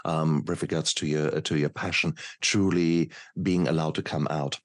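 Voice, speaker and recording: Very deep-voiced, formal male host. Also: steady tone, normal speed, no room sound, clean studio sound. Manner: formal, polite, hesitant with repeated words. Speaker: podcast host, doctor. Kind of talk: interview questions.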